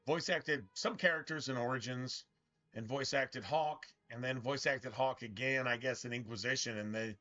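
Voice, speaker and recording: A gaming streamer with a mid-range, sharp-toned voice, heard through a muffled recording. His casual commentary over gameplay is a bitter, profane ramble full of restarts.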